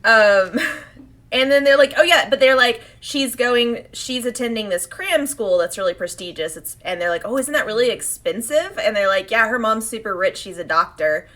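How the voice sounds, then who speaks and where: Female co-host with a bright voice, chatty and animated, acting out quotes while recapping. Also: on the high side. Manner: animated, acts out characters' lines in quick quotes. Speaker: podcast co-host. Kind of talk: casual chat recapping an episode.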